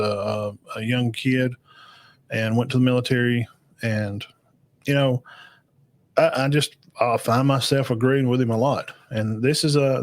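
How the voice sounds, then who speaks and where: A man's voice: medium pitch, no echo. A middle-aged man hosting a podcast reaction stream, talking casually with many fillers and restarts.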